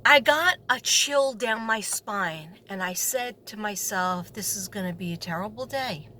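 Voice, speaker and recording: A woman with a New York accent, a substitute teacher telling a story in a sarcastic, animated way and acting out the people in it. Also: medium pitch, measured pace. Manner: animated, sarcastic, acts out quoted voices. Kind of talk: storytelling vlog.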